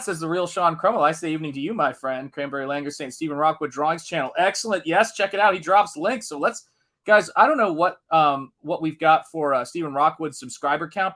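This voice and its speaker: A man's voice: a little high, fairly bright tone. A man hosting a live art stream in a casual, upbeat way, greeting chat viewers one by one. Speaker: livestream host.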